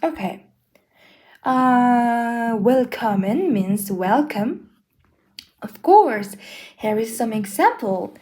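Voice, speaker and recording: A young woman whose first language is Mongolian, giving a casual beginner lesson in a hesitant, apologetic way with many pauses and fillers. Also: a little high, animated, darkish tone. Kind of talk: casual self-made lesson.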